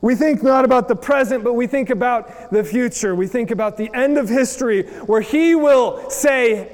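A man's voice: extremely high pitch, moderate pace, hardly any pauses, big-room sound. A man in his thirties from the United States giving a chatty sermon, telling a story with many fillers. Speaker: preacher.

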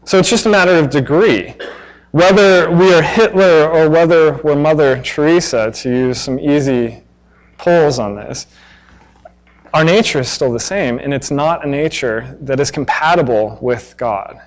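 A man's voice: fairly high pitch, a little slow, highs cut off. A man in his thirties preaching a sermon in a conversational way, acting out exasperated asides. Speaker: pastor.

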